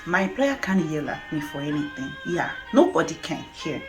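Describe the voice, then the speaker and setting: A woman's voice: sits low, big pitch swings, moderate pace, over music. A middle-aged woman from Nigeria with a Nigerian accent, talking candidly in a casual video monologue, laughing often. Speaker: vlogger.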